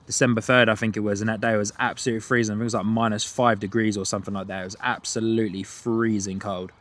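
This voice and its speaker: A man's voice: lowish voice, flat delivery, quick pace, a bit bright. Chatty British man with an Antipodean twang. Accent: British with an Australian and New Zealand twang. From United Kingdom. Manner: chatty, laughs often, reads out viewer chat. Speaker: livestream host. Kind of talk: live plane-spotting commentary. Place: outdoors at an airport.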